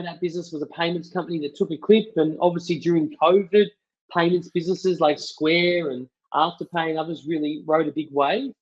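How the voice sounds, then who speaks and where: A man talks as a podcast guest, telling a business story in upbeat, casual speech full of fillers. His voice is fairly high for a man. The recording sounds dull and lo-fi. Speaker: podcast guest, company partnerships lead. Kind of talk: casual interview chat.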